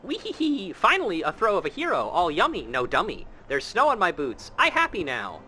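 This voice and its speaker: A man's voice: high voice, wildly swooping pitch, brisk, sharp tone, slight background noise, pitched above the performer's own voice, exaggerated voice. A man voicing a simple-minded talking snowman that speaks in broken baby-talk. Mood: gleeful.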